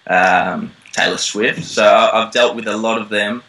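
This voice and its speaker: An Australian man, a young actor, chatting casually in an interview, relaxed and rambling with lots of ums. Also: lowish voice, measured pace, low-quality recording. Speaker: actor guest. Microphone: call line.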